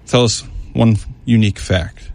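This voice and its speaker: A man hosting a casual radio chat in a studio, speaking in a monotone with a slight lisp. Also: on the low side, a little slow, creaky. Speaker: radio host.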